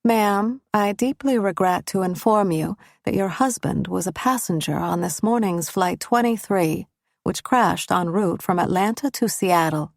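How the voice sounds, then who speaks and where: A woman's voice: medium pitch, a little slow, vocal fry, no room sound, studio quality. A woman voicing a female airline representative who speaks in a carefully neutral, businesslike, scripted tone. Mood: formal, neutral.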